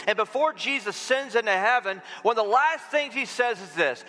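A pastor with a high, bright voice leads a congregation in a sermon, repeating lines for them to echo back before moving into prayer. His delivery is emphatic and insistent. The sound carries the long reverb of a church sanctuary, with faint music underneath. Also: animated, normal speed, hardly any pauses. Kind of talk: sermon with call and response, then prayer.

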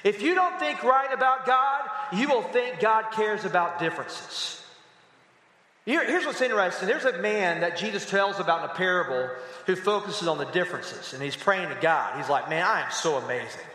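A man preaching a sermon as pastor, telling stories with animated asides to the congregation. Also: high-pitched, normal speed. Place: church sanctuary. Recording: echoey hall with long reverb.

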